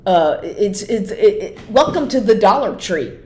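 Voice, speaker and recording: A woman imitating a man's odd, halting announcement over a store loudspeaker. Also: medium pitch, sing-song, roomy sound, lightly acted. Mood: stilted. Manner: halting, stilted announcement delivery.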